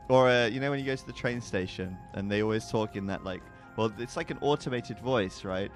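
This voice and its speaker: Chatty low-voiced male game caster. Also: moderate pace, faint music behind. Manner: chatty, jokey, stumbles over names. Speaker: esports commentator. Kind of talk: casual game commentary.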